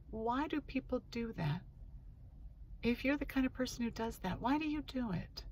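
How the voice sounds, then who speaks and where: A woman's voice: mid-range voice, a little mellow, a little hiss or hum. A woman hosting her own show, telling a personal story in a candid, earnest monologue while sitting in her parked car. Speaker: host. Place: parked car in a parking lot.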